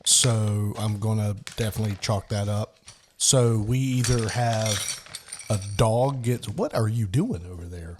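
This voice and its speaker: Low-voiced man making dry wisecracks. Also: measured pace, background noise. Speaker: podcast co-host. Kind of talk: casual chat.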